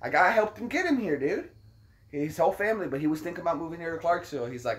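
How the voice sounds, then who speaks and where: A man's voice: a little high, expressive, racing, a bit bright. A man hosting a casual chat, telling rambling, jokey stories. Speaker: host.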